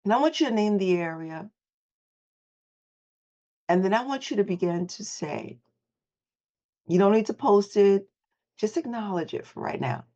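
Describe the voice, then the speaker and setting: A woman's voice: medium pitch, darkish tone, highs cut off. Woman leading a motivational morning call. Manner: affirming, repeats phrases for listeners to echo. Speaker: host and voice coach.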